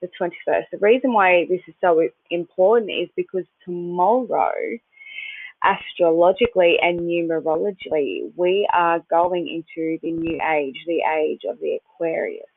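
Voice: medium pitch, moderate pace, gravelly, slightly rough, no echo. A podcast host giving a casual, rambling spiritual talk that loses its thread and restarts, with the odd swear word. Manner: occasional swearing. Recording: dry, tinny phone-like sound.

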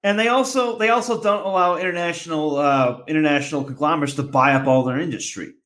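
A man's voice: on the high side, quick pace, fairly bright tone. A man hosting a podcast, making rambling announcements and chatting casually. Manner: rambling announcements with many fillers and restarts. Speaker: podcast host.

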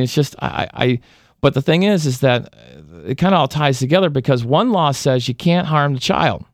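A man's voice: mid-range voice, vocal fry, no echo, studio quality. A man hosting a call-in talk radio show, rambling with many restarts and fillers.

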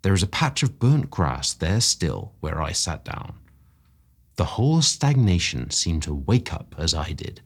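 A man narrating a classic story for a podcast in a low, husky voice. His reading is expressive and climbs with excitement. His pitch moves around a great deal. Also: a little slow.

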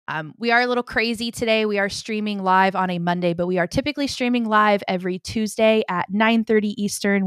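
A bubbly woman hosting a live-streamed podcast, chatting and laughing easily. Her voice sits at an everyday middle pitch, recorded close and dry with no room around it. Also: a bit bright, clean tone, no room sound. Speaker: podcast host. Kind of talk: casual chat on a live stream.

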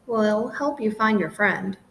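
A woman doing a calm, commanding puppy leader. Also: medium pitch, slow pace, vocal fry, slight background noise, poor audio. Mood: planning. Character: brave, cool-headed male puppy leader.

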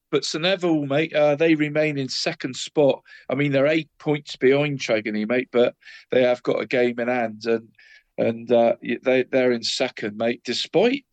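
A man co-hosting a local football podcast, chatting casually with many restarts and "mate" after nearly every phrase. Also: mid-range voice. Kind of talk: casual chat.

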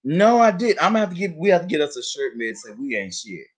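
Animated storytelling man, lively pitch. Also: fast talker. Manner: animated, profane, laughing, acts out voices of others. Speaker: storyteller on a chat show. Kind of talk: casual storytelling chat.

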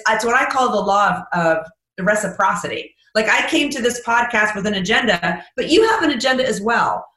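A bright, forceful woman speaking as a guest on a podcast. She talks with lively emphasis and slips into little acted-out exchanges to make her points. Her voice rings in a roomy space. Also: medium pitch. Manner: animated, emphatic, acts out example dialogue. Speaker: author and guest. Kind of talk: podcast interview.

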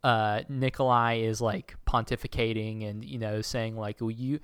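A man's voice: lowish voice, flat delivery, normal speed, fairly bright tone, clean tone, dry recording, studio quality. A man in casual chat, retelling scenes with a laugh and a jokey manner. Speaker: podcast co-host.

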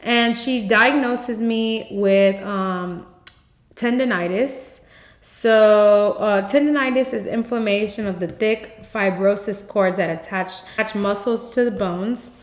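A woman's voice: mid-range voice, slow. Candid woman podcaster, echoey room. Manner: emotional, candid, addresses listeners as y'all. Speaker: podcast host. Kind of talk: personal testimony storytelling.

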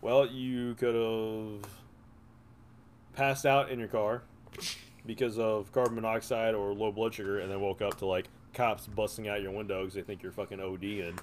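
A man co-hosting a comedy podcast, rambling profanely and acting out shouted voices in his stories. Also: lowish voice, flat delivery, normal speed, a little hiss or hum. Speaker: podcast co-host. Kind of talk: casual comedic chat.

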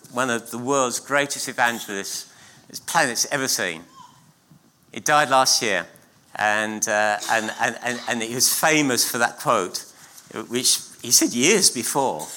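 Middle-aged male pastor, unhurried sermon delivery, very bright, cutting voice, emphatic repeats. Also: mid-range voice, expressive, a little hiss or hum. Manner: emphatic preaching with repeated phrases and slow pauses. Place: church.

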